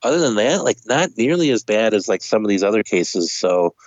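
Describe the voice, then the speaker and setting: A man with a lowish voice co-hosts a podcast, talking in a chatty, animated, storytelling way. His recording is close and very dry. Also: fairly quick, no echo, muffled recording. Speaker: podcast co-host. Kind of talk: casual podcast chat.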